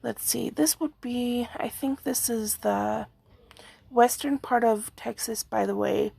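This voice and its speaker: A hoarse woman with a rambling manner, giving a casual video update on earthquakes. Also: a little high, normal speed, a little mellow, dry recording. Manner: rambling, frequent fillers and yawns. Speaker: earthquake forecast vlogger.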